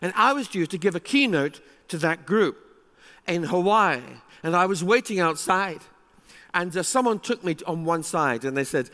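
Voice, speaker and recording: A man delivering a conference keynote with lively, emphatic energy, his voice sitting high for a man. The sound carries a long reverberant tail from a large hall around him. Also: normal speed. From England. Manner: animated, emphatic, with rising exclamations. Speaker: keynote speaker.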